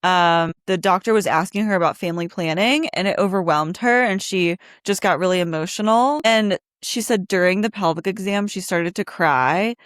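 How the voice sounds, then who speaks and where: A woman's voice: on the low side, moderate pace, few pauses, no echo. Woman, podcast co-host, casual chat, fired up, dry sound. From Pennsylvania. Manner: heated, fired up, swears when angry.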